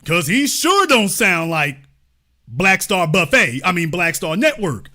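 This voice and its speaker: Animated high-voiced male commentator. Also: unhurried. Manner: animated, incredulous, exclaiming; explaining, lecturing. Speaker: host. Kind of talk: commentary on played clips.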